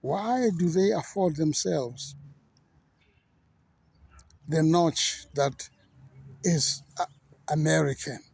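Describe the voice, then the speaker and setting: Slow gravelly-voiced pastor, deliberate. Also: male voice, fairly high pitch, a little mellow, dry recording. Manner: deliberate, measured and outspoken. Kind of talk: reflective monologue.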